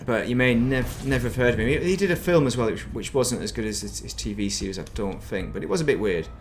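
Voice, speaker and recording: A man's voice: medium pitch, quick pace, slight background noise. Man rambling on a gaming stream. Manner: rambling and reminiscing, muttering to himself. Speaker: game streamer. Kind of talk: casual gaming stream chat.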